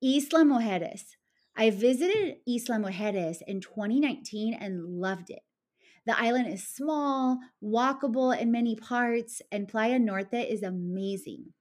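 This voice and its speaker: A woman's voice: a little high, animated, a little slow, darkish tone. A woman travel vlogger running through a numbered list of trips in an upbeat, enthusiastic way, now and then correcting herself. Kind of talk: travel list vlog narration.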